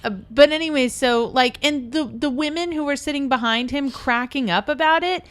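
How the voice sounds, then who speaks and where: A woman co-hosting a podcast, critiquing a film in an animated, opinionated way. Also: moderate pace. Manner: animated, opinionated, pitch jumps up when emphatic. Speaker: podcast co-host. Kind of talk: casual film discussion.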